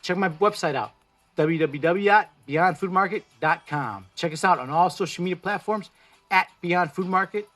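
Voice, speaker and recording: A plant-based food vlogger chats casually on an indoor livestream, giving blunt pep-talk advice peppered with swearing. He's a man in his forties from Mexico whose native language is Spanish, and his high-pitched, fairly bright voice runs at a moderate pace.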